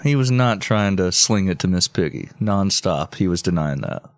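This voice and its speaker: A man's voice: sits low, lively intonation, moderate pace, dry recording. A man co-hosting a comedy podcast, trading sarcastic, mocking quips in casual banter. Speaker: podcast co-host.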